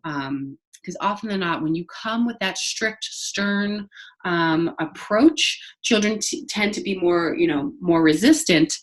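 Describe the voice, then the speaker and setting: Woman, slightly low voice, conversational staff trainer, lots of ums and restarts, talking to camera. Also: animated, unhurried. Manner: conversational, many fillers and restarts. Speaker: early childhood trainer. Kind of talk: recorded staff training talk. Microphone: facing the camera.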